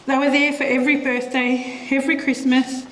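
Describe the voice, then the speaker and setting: High-voiced woman in echoey church. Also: flat delivery, normal speed, a bit bright. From Australia. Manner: emotional, tearful reading. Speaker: eulogy speaker. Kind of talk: reading a eulogy. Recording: echoey church with faint room noise.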